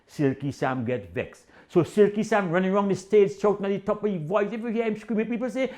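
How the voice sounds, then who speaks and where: An older man with a Trinidadian accent telling a comic story in dialect, animated and acting out the characters. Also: sits high, a little fast. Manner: animated Caribbean-dialect storytelling with voiced quotes.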